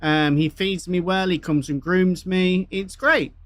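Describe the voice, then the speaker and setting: A man's voice: high-pitched, fairly even intonation, unhurried, no room sound, clean studio sound. A man voicing a contented, friendly talking farm horse in a joke. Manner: cheerful, matey.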